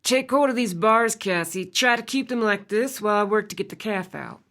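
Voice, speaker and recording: Audiobook rancher: woman doing a low, raspy cowboy, calm and steady, coaxing and gentle. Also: normal speed. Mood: steady, instructive.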